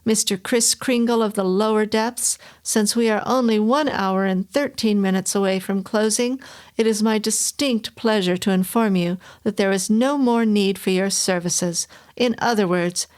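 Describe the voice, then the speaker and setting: A stern store floor manager speaks in a smooth, unctuous, clipped way, as a woman reading the story voices him. His lines are firm and dismissive. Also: mid-range voice, normal speed, darkish tone, close to an everyday voice. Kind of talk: audiobook reading.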